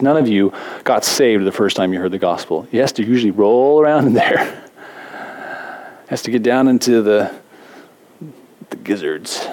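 A man preaching a sermon as a pastor, talking in a conversational way with self-deprecating jokes and lively asides. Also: lowish voice.

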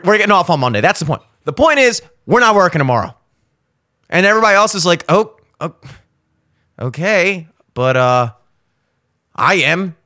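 A man hosting a podcast launches into a profane, sarcastic comedic rant, acting out mock conversations as he goes. His voice is high, pushed and bright.

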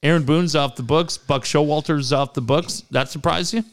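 A man's voice: on the high side, normal speed. A man co-hosting a sports radio show, reacting with short interjections and casual remarks. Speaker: radio co-host.

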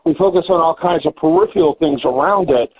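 A man hosts a casual business interview with a somewhat high, husky voice. He talks loosely, thinking aloud with fillers and repeats. The audio is thin and narrow, like a phone line. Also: fast talker. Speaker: podcast host.

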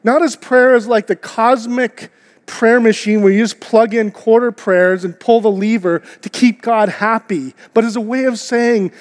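A pastor with a high, steady voice preaches a little slowly to his church, speaking earnestly and conversationally and posing rhetorical questions to listeners. The church auditorium gives the recording a long hall reverb.

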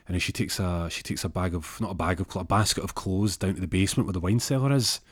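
A man spins a comic story, rambling and restarting as he goes. His voice sits low. The sound is dry and close, with no room around it. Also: fast talker, husky, no room sound. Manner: rambling, many restarts and fillers.

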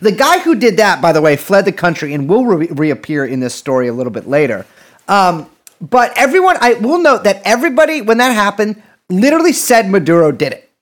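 A man co-hosts a casual political podcast, joking around, swearing freely and frequently restarting sentences. His voice sits high and sing-song, and he talks briskly.

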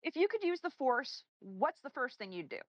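Podcast host lady, bouncy lively voice, kinda high, dry close mic. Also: normal speed, no echo, lo-fi sound. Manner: playful, laughing, asks the questions. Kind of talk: casual podcast chat.

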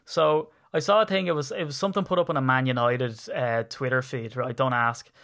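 A man's voice: mid-range voice, fairly even intonation, fairly quick, a bit bright. A man with an Irish accent, hosting a podcast in rambling, jokey casual chat. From Ireland. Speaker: podcast host.

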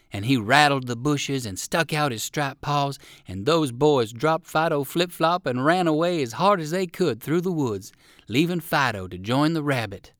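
A man narrating a children's storybook with warm, expressive storytelling. His pitch rolls up and down in a lively way, and the recording is close and dry. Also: no echo. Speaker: reader.

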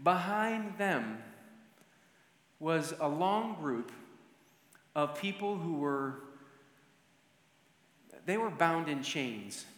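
A man's voice: fairly high pitch, animated, extremely slow, pauses often, fairly bright tone. A man telling a story to teach, acting out the scene vividly. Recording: echoey hall with long reverb.

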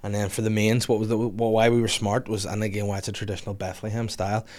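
A man, hosting a podcast in a lively, joking, casual chat. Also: on the low side, fast. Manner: lively, joking, swearing freely. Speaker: podcast host.

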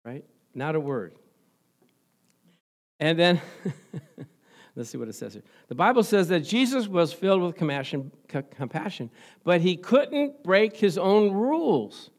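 Very animated yet unhurried, this high-voiced pastor pauses often as he delivers a sermon, questioning his congregation and laughing frequently. Quiet, confiding asides alternate with loud bursts of fervent emphasis.

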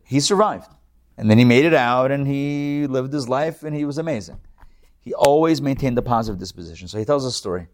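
A male rabbi giving a live Torah class, telling stories in an animated way with frequent restarts and small jokes. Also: mid-range voice, fairly quick.

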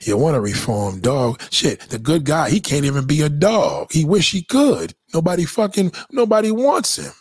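Husky, emphatic man lecturing on stream. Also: a little high, big pitch swings, normal speed, hardly any pauses, darkish tone, no echo, studio quality. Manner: emphatic, profane, preachy. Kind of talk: casual livestream monologue.

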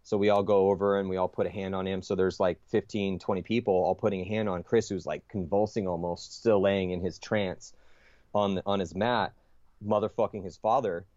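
A podcast guest with a fairly low man's voice tells a long story in a loose, rambling way. He swears freely and fills the gaps with "like" and "you know". The sound is dry and a bit dull, as from a lo-fi recording. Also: steady tone, brisk, dark tone, no echo. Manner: profane, rambling, lots of fillers and restarts. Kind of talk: casual storytelling.

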